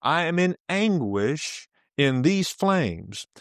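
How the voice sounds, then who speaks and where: A preacher acting out a tormented rich man begging, high and strained. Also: big pitch swings, takes it slowly, fairly bright tone, dry recording, clean studio sound, heavily acted. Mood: pleading. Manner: pleading, raised and strained.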